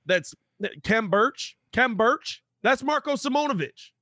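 A man co-hosting a casual sports podcast, talking in animated, emphatic riffs. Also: very high voice, no echo, clean studio sound. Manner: animated, emphatic riffing with dramatic pauses.

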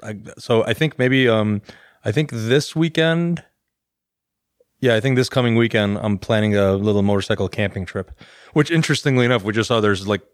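A man's voice: fairly low pitch, moderate pace, dry recording, clean studio sound. A man co-hosting a casual podcast, laid-back and rambling, with easy jokes and fillers. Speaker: podcast co-host. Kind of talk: casual chat.

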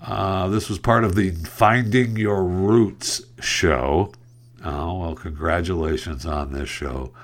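A man's voice: low-pitched, steady tone, slow. A man hosting a solo podcast, talking through the news in a sarcastic, rambling way and tripping over words. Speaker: podcast host. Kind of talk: casual solo podcast commentary.

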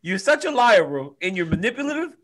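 A man's voice: sits high, very animated, fairly quick. A man from Louisiana co-hosting a podcast in casual chat, teasing and laughing a lot. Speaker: podcast co-host.

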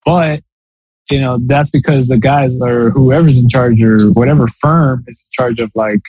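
Husky man rambling on a podcast. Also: medium pitch, fairly even intonation, normal speed, a little mellow, low-quality recording. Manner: rambling, lots of fillers and restarts. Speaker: podcast co-host. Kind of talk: casual podcast chat.

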